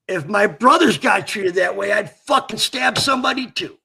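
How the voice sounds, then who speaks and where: A man hosts a veterans' talk, halting and searching for words, swearing loosely. His voice is high with a gravelly, raspy grain and a bright edge. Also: lively intonation. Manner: halting, warm-hearted, swears casually. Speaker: podcast host, former corpsman. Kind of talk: casual interview chat.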